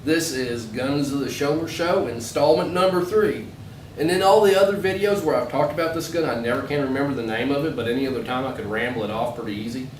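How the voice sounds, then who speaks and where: A man's voice: medium pitch, quick pace. A man co-hosting a casual gun show, rambling through stories and explanations. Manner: rambling, storytelling with acted quotes. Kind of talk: casual chat. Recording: echoey, from far off, faint noise.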